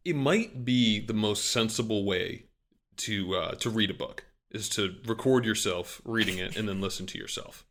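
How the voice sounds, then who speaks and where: A man's voice: on the low side, moderate pace, fairly bright tone, a little hiss or hum. A man co-hosting a casual sports podcast, talking in a rambling, self-deprecating way with many fillers. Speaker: podcast co-host. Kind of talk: casual chat.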